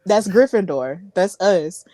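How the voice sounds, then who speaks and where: A woman's voice: lowish voice, lively intonation, slow, mellow, no room sound. A woman hosting a wrestling podcast, chatty and giggly, often repeating herself. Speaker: podcast host. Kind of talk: casual podcast interview.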